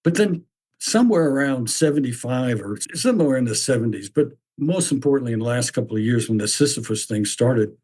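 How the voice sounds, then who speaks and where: A man's voice: medium pitch, expressive, brisk, a little mellow. A man in his seventies telling a reflective personal story as a podcast host, musing aloud with many questions to himself. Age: 70s. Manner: musing, full of rhetorical questions.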